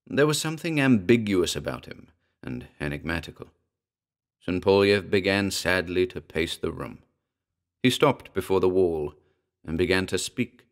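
Casting: low-voiced male narrator, measured and dramatic, for a scripted horror audiobook.

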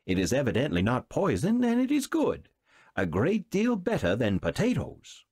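A man's voice: mid-range voice, wildly swooping pitch, moderate pace, darkish tone, slightly rough, no room sound, clean studio sound, voice pushed up, heavily acted. A man voicing a greedy, carefree peasant boy who talks eagerly and cheerfully in a storybook reading.

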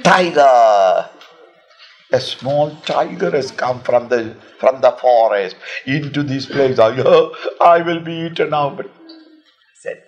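A man with an Indian English accent, an Indian monk telling a children's story with animated delivery, frequent chuckles and dramatic pauses. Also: mid-range voice, dull audio.

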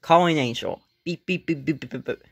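A performer voicing a bashful young player character in an amateur voice drama, stammering and halting. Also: mid-range voice, natural voice.

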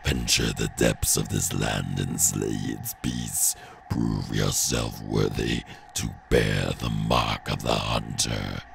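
Grim hunter creature, cavernous low voice, gravelly, unhurried pronouncements. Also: male voice, steady tone, faint music behind, exaggerated voice. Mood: solemn. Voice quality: gravelly, growling.

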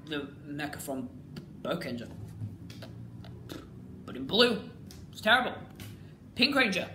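A woman giving a casual, ranting review as a vlogger, exasperated and repetitive, swinging between loud outbursts and low muttering. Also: big pitch swings, slow pace. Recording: echoey room with faint background noise.

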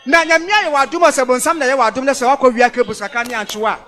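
A male co-host from Ghana reporting the news in lively, chatty back-and-forth with his partner. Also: very high-pitched, soft background music. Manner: lively, chatty, quick interjections.

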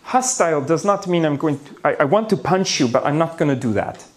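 A man's voice: fairly high pitch, animated, a little fast. A man giving a conference lecture on the brain, playful and theatrical, with gasps, asides and small jokes for the audience. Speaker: neuroscience lecturer. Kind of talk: conference talk. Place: conference hall before an audience.

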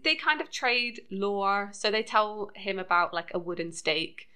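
A woman's voice: medium pitch, animated, measured pace, pushed and bright, clean tone. A British woman co-hosting a podcast, chatting casually about a TV episode and laughing often. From United Kingdom. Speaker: podcast co-host. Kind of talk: casual chat recapping a TV episode.

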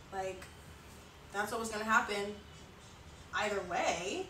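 Speaking slowly at a medium pitch and pausing often, this artist-streamer chats her way through a story during a livestream, sighing and using lots of filler words. The mic sits at a distance, giving a roomy sound with a bit of faint noise.

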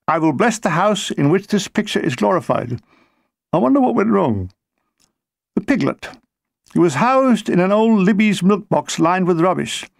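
A man's voice: high voice, creaky, dry recording. A man reading his own wartime memoir aloud, with a dry comic storytelling manner. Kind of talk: audiobook narration.

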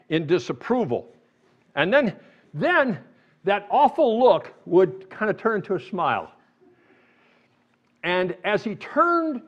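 A man preaching in a church, his voice fairly high and swinging widely in pitch as he builds to emphatic, sarcastic peaks. The recording sounds dull and lo-fi. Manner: animated, rising to emphatic sarcastic outbursts. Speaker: pastor. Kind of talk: sermon. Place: church sanctuary.

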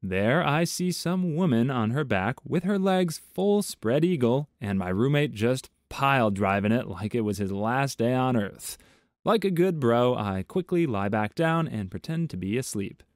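Guy reading online stories w/ his own comments, steady even delivery, dry sound. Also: mid-range voice, a little slow, no room sound. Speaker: story narrator.

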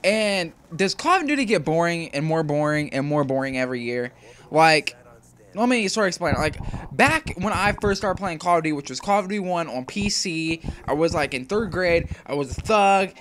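Young male gaming commentator, slightly high voice, rambling and slangy, casual swearing, throat still recovering. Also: animated, moderate pace, a bit bright, a little hiss or hum. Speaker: gaming YouTuber. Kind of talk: off-the-cuff gameplay commentary.

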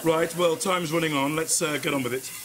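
A middle-aged man playing a proud, sharp-tongued head chef in a sitcom, dry and commanding. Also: a little high, fairly even intonation, fairly quick, slight background noise, lightly acted, low-quality recording. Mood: sardonic. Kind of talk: sitcom acting.

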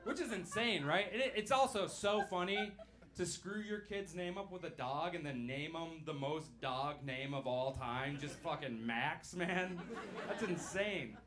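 A young man with a slightly high voice works through a stand-up set, loose and rambling, dropping swear words and laughing at his own lines. He speaks into a handheld mic on a club stage. The live recording carries clear background noise from the room. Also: a little slow, fairly bright tone. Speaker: stand-up comedian.

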